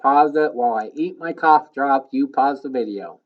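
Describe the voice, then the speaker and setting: A male teacher walks children through a recorded phonics lesson, his voice sitting at an ordinary middle pitch. He explains patiently, one step at a time, and slowly sounds words out syllable by syllable. The recording is dull and a little lo-fi. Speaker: elementary school teacher.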